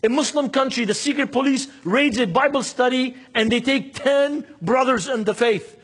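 A man's voice: very high-pitched, normal speed, a bit bright, husky. A man preaching a sermon with passion, throwing rhetorical questions at his listeners. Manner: impassioned, fires rhetorical questions at the audience.

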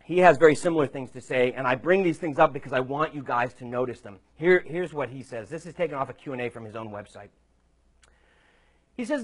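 A man's voice: mid-range voice, expressive, fairly quick, slightly rough. A male preacher delivering a sermon, telling a story conversationally with emphatic points.

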